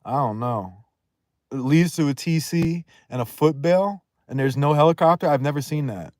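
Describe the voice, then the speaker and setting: A man talking casually on a livestream, blunt and profane, rambling and quick to raise his voice. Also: on the high side, darkish tone. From Northeast United States.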